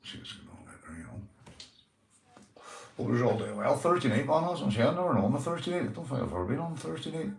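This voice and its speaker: A man's voice: mid-range voice, sing-song, quick pace, gravelly, roomy sound, slight background noise. A young man with a Northern Irish accent, hosting a casual livestream, greeting viewers and swearing freely, calling everyone mate. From Northern Ireland. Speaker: livestream host.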